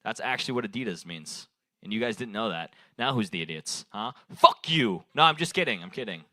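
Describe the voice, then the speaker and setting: A young man working the crowd at an open mic, rambling from one audience suggestion to the next and chuckling at his own lines. His voice is bright and swings widely in pitch. The sound is close and dry. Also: animated, a little fast, dry recording. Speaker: stand-up comedian at an open mic. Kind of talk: improvised stand-up crowd work. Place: bar stage at an open mic night.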